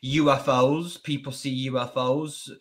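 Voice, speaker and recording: A man hosting a podcast, asking a halting, searching question. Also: medium pitch, flat delivery, a bit bright. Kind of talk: casual interview questions.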